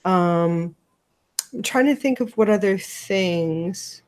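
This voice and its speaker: A woman from the United States hosting a casual question-and-answer chat, rambling and relaxed. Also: medium pitch, takes it slowly. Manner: rambling, lots of fillers, relaxed. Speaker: host.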